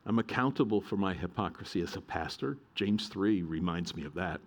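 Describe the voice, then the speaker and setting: A middle-aged man preaching from the pulpit with a lowish voice. He presses his points earnestly and circles back to repeat them for emphasis. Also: expressive, fairly quick. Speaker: pastor. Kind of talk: sermon.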